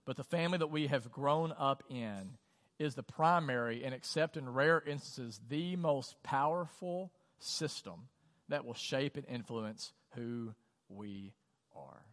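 Speaking a little slowly in a mid-pitched voice, a male pastor gives a relaxed, conversational sermon. He relies heavily on "like" and poses questions to the congregation along the way, while a long reverb carries his voice through the church auditorium.

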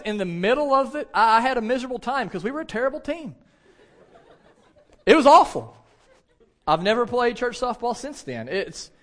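A pastor in his thirties preaching a sermon, speaking directly and conversationally to his congregation. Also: very high voice. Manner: animated storytelling, shouts when acting out anecdotes.

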